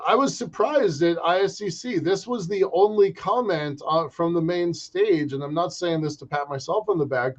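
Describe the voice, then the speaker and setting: A man co-hosting a podcast, chatting casually about space industry news in an animated way, often restarting his sentences. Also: high-pitched. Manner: animated, halting with restarts and fillers. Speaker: podcast co-host. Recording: muffled lo-fi audio.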